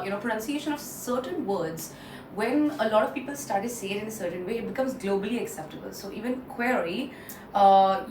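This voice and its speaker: A woman with an Indian English accent teaching English pronunciation in a casual lesson, repeating words slowly and mixing in Hindi phrases. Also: a little high. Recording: echoey room, distant mic, faint noise.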